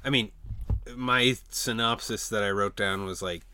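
Bright-voiced young man chatting about comics. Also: lowish voice, steady tone, unhurried, clear, resonant tone. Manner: chatty, heavy use of "like", acts out quotes. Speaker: podcast co-host. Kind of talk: casual chat. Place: upstairs in a comic store.

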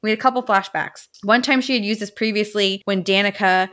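A woman's voice: medium pitch, fairly quick, pushed and bright. A woman co-hosting a book podcast, retelling plot scenes in a casual, emotional way. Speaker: podcast co-host.

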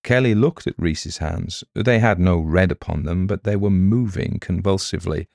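A man narrating a mystery novel in a steady, measured reading. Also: low-pitched, vocal fry, no echo, clean studio sound. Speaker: audiobook narrator. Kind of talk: scripted narration.

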